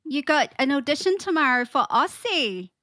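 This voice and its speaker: A woman's voice: sits high, big pitch swings, moderate pace, bright, forceful tone, dry recording, clean studio sound. A woman on a casual podcast panel, joshing and teasing the others. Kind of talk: casual group banter.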